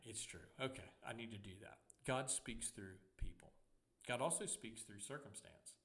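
A man's voice: mid-range voice, normal speed, vocal fry, fairly bright tone. Young guy pastor preaching, casual and storytelling, mid-range voice. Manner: conversational preaching with humor and personal stories. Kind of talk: sermon.

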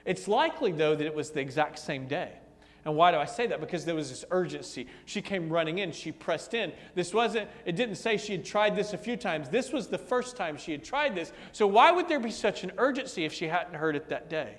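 A man preaching a sermon, telling a story dramatically, dropping to a hush and rising to a booming voice, with repeated rhetorical questions. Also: expressive, brisk. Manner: dramatic, swinging from hushed to booming. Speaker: pastor. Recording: long hall reverb.

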